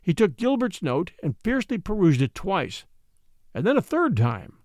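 Expressive male story narrator. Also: sits high, moderate pace, no room sound, clean studio sound. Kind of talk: dramatic story reading.

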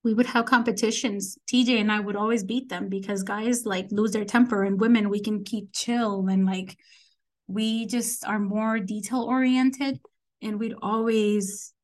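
Animated woman telling army stories. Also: medium pitch, a little slow. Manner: animated, quotes people in acted voices. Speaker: guest. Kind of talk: casual storytelling interview.

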